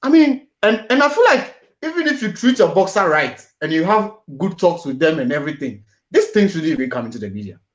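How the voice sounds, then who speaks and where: A man's voice: a little high, big pitch swings, fairly quick, highs cut off. Earnest male boxing show host. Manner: earnest, repeats and restarts words. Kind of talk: panel discussion on boxing.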